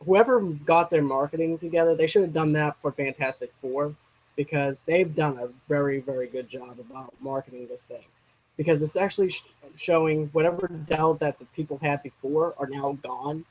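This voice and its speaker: A man with a slightly raised pitch chatting casually about films as a co-host. He rambles, stumbles over words and circles back on his points. The delivery is relaxed and conversational. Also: moderate pace, low-quality recording. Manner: rambling, restarts and trails off mid-thought. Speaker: co-host of a movie discussion channel. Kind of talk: casual movie chat.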